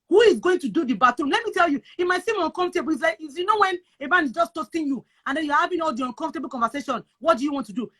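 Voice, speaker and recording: A Nigerian woman with a high-pitched voice talks in casual chat. She is emphatic and repetitive, hammering her points home like a preacher. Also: pushed and bright. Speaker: guest sharing advice on moving abroad.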